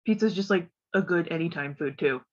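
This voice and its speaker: A woman's voice: fairly low pitch, a little fast. A woman from West Virginia, stuffed up, chatting casually and rambling on a stream, laughing often. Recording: dull lo-fi audio.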